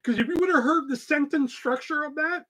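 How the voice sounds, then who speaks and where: Young man, podcast host, fairly high voice, casual rambling storytelling, lots of swearing. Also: fairly quick, a bit bright. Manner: loose, profane, rambling with fillers and laughs.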